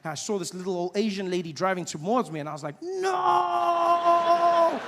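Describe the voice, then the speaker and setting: A young man from South Africa with a South African accent, telling stories in a stand-up comedy set and bursting into loud acted shouts. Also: sits high, racing, big-room sound, over a noisy crowd, very noisy. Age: 20s.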